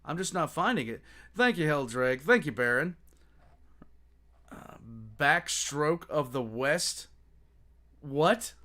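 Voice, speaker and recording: A man's voice: on the high side, lively intonation, takes it slowly, pauses often, bright, forceful tone. A man hosting a casual reaction livestream, exclaiming a lot and chatting with viewers.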